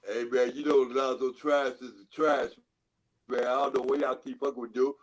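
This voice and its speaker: A man's voice: mid-range voice, little pitch movement, normal speed. A man calling in to a sports chat, teasing another host with relentless repetitive heckling. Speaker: call-in guest. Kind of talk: trash-talking podcast banter.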